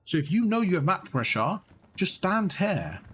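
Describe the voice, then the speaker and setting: A young man giving blunt, animated coaching on gameplay, swearing freely as he explains. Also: high-pitched, moderate pace, slight background noise. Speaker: gaming coach. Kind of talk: casual coaching over gameplay.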